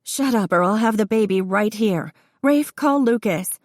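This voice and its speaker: A woman voicing a young pregnant woman in labor, high and pleading. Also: level tone, takes it slowly, darkish tone, no room sound, clean studio sound, natural voice. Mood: scared.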